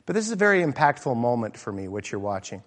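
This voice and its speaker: A middle-aged pastor preaching an earnest sermon, often pausing with fillers and restarts. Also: male voice, mid-range voice, big pitch swings, a bit bright. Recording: hall reverb.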